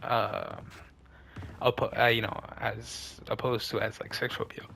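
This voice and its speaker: Young man rambling, gravelly voice. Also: lowish voice, level tone, a little slow, bright, forceful tone, slight background noise. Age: young adult. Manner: laid-back slangy rambling with many fillers. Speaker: streamer. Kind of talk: casual rambling chat while gaming.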